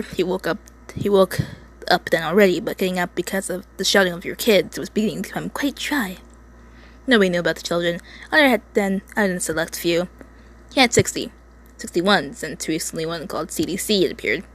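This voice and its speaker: An American woman at home reads an online fan story aloud into her phone, casually and as an amateur, often stumbling and restarting words. Her voice is mid-range and the audio is poor.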